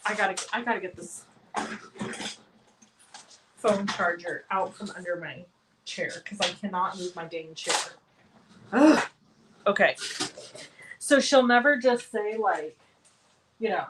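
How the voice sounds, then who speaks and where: A woman's voice: mid-range voice, slow pace, pauses often, background noise. A woman hosting a live cardmaking tutorial, chatting as she works and answering viewer comments by name in a self-deprecating way. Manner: self-deprecating, talks while working. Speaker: crafting stream host.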